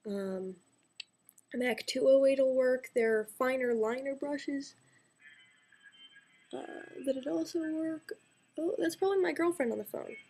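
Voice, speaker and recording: A woman's voice: high voice, normal speed, a little mellow. A young woman chatting casually through a makeup tutorial, rambling with self-mocking asides and sometimes dropping to a whisper.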